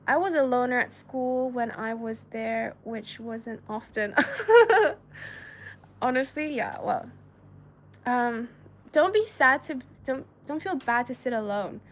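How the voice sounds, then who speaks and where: A woman's voice: on the high side, animated, slow pace. Chatty giggly woman reading live chat. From China. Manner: chatty and giggly, many filler words. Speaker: livestream host. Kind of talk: casual livestream chat reading viewer messages.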